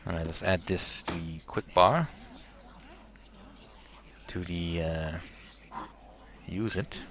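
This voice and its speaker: A man's voice: low voice, takes it slowly, fairly bright tone, slight background noise. A man hosting a let's play, musing aloud about the game with hesitant fillers. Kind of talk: gameplay commentary.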